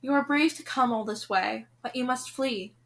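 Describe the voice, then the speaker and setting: A woman's voice: on the high side, gravelly. A woman voicing a sorrowful old captive woman. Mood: grave. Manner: hissing, then slow and pitying. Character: sad, fearful old shackled woman, a captive mother. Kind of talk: read-aloud storybook voice.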